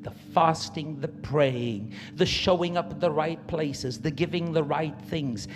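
A man preaching a sermon to his church, swinging from quiet asides to loud emphatic peaks. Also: a little high, unhurried. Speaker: pastor.

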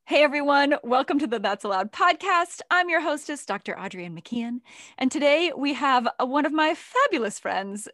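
Brief: animated American woman host, higher voice, swings up and down a lot, dry close recording. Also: normal speed, no room sound. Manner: animated storyteller, acts out quoted voices. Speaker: podcast host. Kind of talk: casual interview chat.

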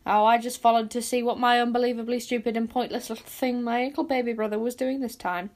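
A woman's voice: mid-range voice, normal speed, darkish tone, close to an everyday voice. Woman doing a smug, drawling older brother. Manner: drawling, scoffing. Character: smug, superior older boy wizard. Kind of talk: storybook reading.

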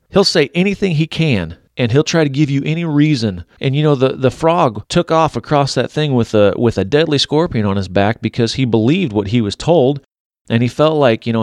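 A man's voice: mid-range voice, dry recording, studio quality. A man preaching on a devotional podcast, earnest and exhorting, often restarting his sentences.

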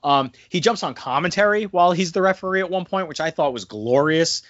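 Animated man recapping wrestling casually. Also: fairly high pitch, a little fast, dry recording, highs cut off. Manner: animated, breaks into excited mimicry. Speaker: podcast co-host.

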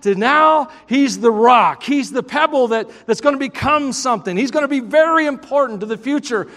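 A man with a Southern US accent preaching a sermon, telling stories in an animated, joking way and breaking into shouts. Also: very high-pitched, normal speed. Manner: animated, joking storyteller who bursts into shouts. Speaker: pastor. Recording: long hall reverb.

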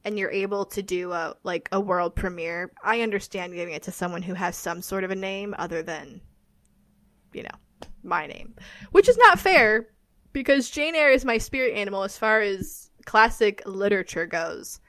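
A woman's voice: medium pitch, lively intonation, normal speed, a bit bright, no echo. A woman co-hosting a casual chat podcast, rambling with many filler words. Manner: rambling, lots of "like". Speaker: podcast co-host.

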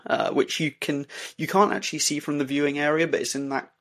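A man, a podcast co-host, telling a story in casual chat, halting with many fillers and restarts. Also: fairly high pitch, little pitch movement, fairly bright tone. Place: indoor recording for podcast.

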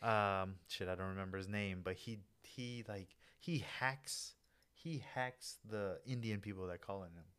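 This is a man co-hosting a laid-back podcast, his voice sitting on the low side. He tells long, meandering stories in loose slang, full of fillers and restarts. The talk is casual and unscripted. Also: unhurried, a bit bright, clean tone. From United States. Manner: rambling, loose slangy storytelling with many fillers. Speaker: podcast co-host. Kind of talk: casual chat.

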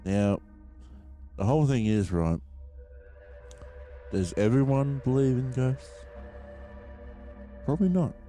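A man's voice: mid-range voice, takes it slowly, long pauses, warm tone, faint music behind. An Australian man hosting a podcast, telling a story in a rambling, casual way with lots of fillers and swearing. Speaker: podcast host.

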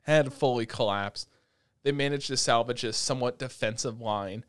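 A man hosting an anime podcast in casual chat, excitable and profane, laughing often. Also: medium pitch, moderate pace, clean tone, no echo, studio quality. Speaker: podcast host. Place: at home, talking over Discord.

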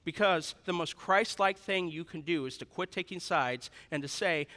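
A man preaching a sermon to a congregation, dynamic and humorous, swinging between loud emphasis and hushed asides. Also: a little high, normal speed, few pauses. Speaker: pastor. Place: large church hall. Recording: reverberant hall.

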